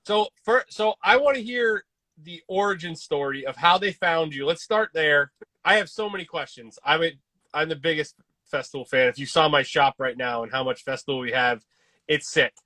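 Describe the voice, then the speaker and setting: A man from Kansas hosting a casual podcast, talking eagerly and quickly with casual slang. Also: fairly high pitch, bright, forceful tone, no echo. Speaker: podcast host.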